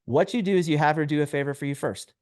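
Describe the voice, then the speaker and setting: A man, a dating coach, talking as a podcast guest in a brash, animated way, acting out little scenes as he explains. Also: a little high, quick pace, no room sound, clean studio sound. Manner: brash, animated storytelling with acted quotes. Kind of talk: podcast interview.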